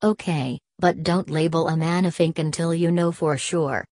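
A woman's voice: sits low, steady tone, moderate pace, a little mellow. A woman reading the lines of an earnest union chairman who talks through his nose and presses for order. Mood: insistent. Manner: nasal, pleading for order.

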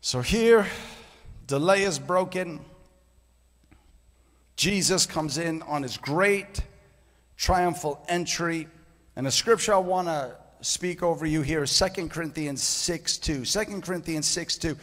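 A man delivers a fervent charismatic sermon, hammering key phrases through repetition. His voice sits high. The long reverb of a church sanctuary trails every phrase. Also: measured pace, a bit bright. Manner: fervent, storytelling, emphatic repetition. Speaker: guest preacher.

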